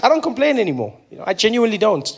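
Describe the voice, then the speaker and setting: A man's voice: sits high, very fast, gravelly, soft background music. A man from South Africa with a South African accent, performing a playful stand-up comedy set and acting out characters. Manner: animated, playful, acts out characters.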